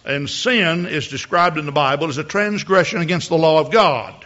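A man's voice: on the high side, normal speed, fairly bright tone, lo-fi sound. A male preacher giving a sermon from the pulpit, often repeating words as he builds a point and rising to emphatic peaks. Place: church pulpit.

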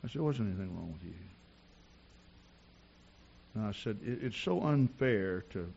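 A man preaching a sermon in a church, telling personal stories and rising to shouts at the climax. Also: on the low side, lively intonation, moderate pace, gravelly, lo-fi sound, slight background noise. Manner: storytelling preacher who builds to shouting.

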